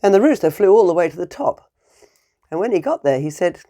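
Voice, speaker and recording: A woman teacher tells a fairy tale to young children in an animated, playful way. Her pitch swings widely as she acts out the scenes and the animal noises. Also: fairly quick. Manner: animated and playful, with sound effects.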